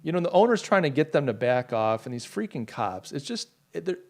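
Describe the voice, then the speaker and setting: A man's voice: fairly high pitch, very animated, brisk, a little mellow. Rambling, indignant male podcast host. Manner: rambling, indignant, many restarts and fillers; reads and answers chat comments. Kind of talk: casual live commentary.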